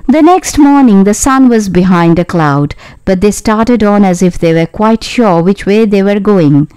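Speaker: woman. Style: storybook reading. Tone: mellow, smooth. Room: dry, close. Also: mid-range voice, expressive, a little slow, dry recording, rough recording. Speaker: narrator.

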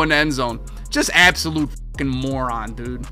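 A young man giving live commentary while playing a football video game, swearing often and swinging from low muttering to loud, exasperated outbursts. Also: moderate pace, faint music behind. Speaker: gaming video creator.

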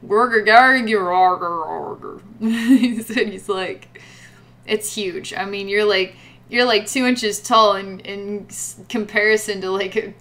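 A woman leads a guided psychic reading, talking to a client about energies and visions. She rambles, with many fillers and repeated words. Her voice sits at a middle pitch. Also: sharp tone. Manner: rambling, full of "like" and repetitions. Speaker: psychic reader.

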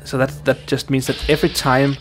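Casual male let's-player, chatty and meandering, average pitch, soft game music underneath. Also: flat delivery, fairly quick. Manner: rambling, self-chatting with fillers and restarts. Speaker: gaming YouTuber. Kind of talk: casual let's play commentary.

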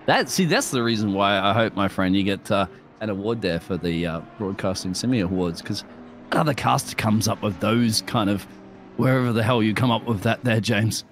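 A man commentating a live sim race, chatty and bantering with his co-host and bursting into excited calls. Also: lowish voice, fairly quick, soft background music. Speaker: lead commentator.

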